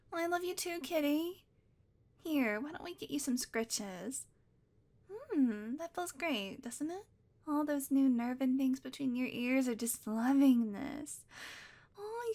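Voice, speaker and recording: A woman's voice: sits high, measured pace, dark tone. A woman voicing a doting, possessive yandere witch who coos baby talk at her pet, in a whispered role-play.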